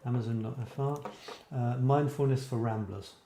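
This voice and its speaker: A man's voice: mid-range voice, steady tone, moderate pace, dark tone, roomy sound, a little hiss or hum. A middle-aged man from Scotland hosting a creative writing show, chatting casually and rambling as he answers viewers. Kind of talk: casual live-stream chat.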